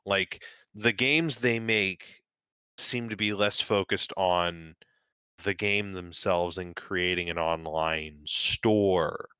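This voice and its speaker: Low-voiced man, rambling podcast chat. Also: takes it slowly, sharp tone, clear, resonant tone, no room sound, studio quality. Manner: rambling, many fillers and restarts, swears casually. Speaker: podcast co-host. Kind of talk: casual chat.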